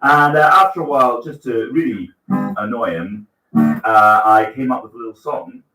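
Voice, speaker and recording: A man's voice: mid-range voice, moderate pace, sharp tone. A man hosting an open mic night in a small bookshop, chatting in a rambling, self-mocking way with many fillers. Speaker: open mic host and singer. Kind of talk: casual stage patter and comic song with guitar. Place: small bookshop stage, live audience. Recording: roomy bookshop, mic at a distance. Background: guitar.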